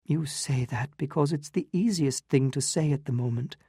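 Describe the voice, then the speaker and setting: A woman's voice: low-pitched, normal speed, warm tone, breathy edge, no room sound, clean studio sound, heavily acted. A narrator voicing a proud, wounded young woman in love, pleading and emotional in a storybook reading.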